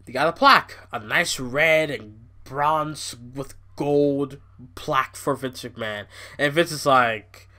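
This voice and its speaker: A man hosting a podcast who rants in a loose, rambling way, swearing often and leaning on "you know." His voice sits high and sounds bright and sharp. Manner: rambling, profane, excitable, fillers like "you know". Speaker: podcast host. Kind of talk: casual ranting commentary.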